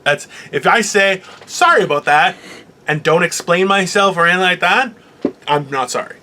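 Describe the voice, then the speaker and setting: A man's voice: high voice, normal speed, sharp tone, slight background noise. A man co-hosting a casual comedic chat show, rambling and crude, often restarting his sentences. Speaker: co-host.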